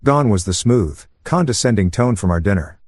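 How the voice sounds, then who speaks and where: A man narrating a first-person story in a calm, smug, even way, meant for falling asleep. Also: fairly low pitch, normal speed, dry recording, clean studio sound.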